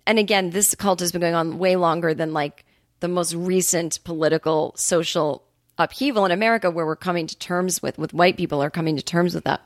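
A woman's voice: fairly low pitch, fairly even intonation, a little fast, dry recording, clean studio sound. A woman hosting a podcast, ranting in a casual monologue, swearing freely and acting out quotes. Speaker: podcast host.

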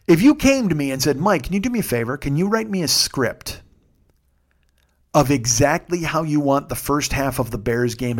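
Man, podcast host, rambling story, swears constantly, worked up, slightly higher voice. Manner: profane, excitable, animated storytelling. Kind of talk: casual storytelling monologue.

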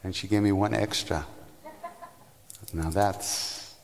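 A man giving a storytelling spiritual talk, unhurried, meandering and reflective. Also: low voice, steady tone, vocal fry, in a large hall, a little hiss or hum. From United States. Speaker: spiritual teacher.

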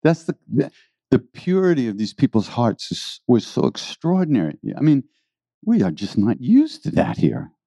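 Male spiritual teacher telling stories, lively pitch, mellow tone, muffled dry sound. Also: normal speed, vocal fry, dry recording. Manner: rambling, animated, laughs often. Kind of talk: storytelling talk to an audience.

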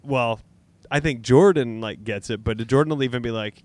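A man's voice: mid-range voice, normal speed. A man, a comedian guest on a podcast, rambling and self-mocking, often laughing. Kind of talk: casual chat.

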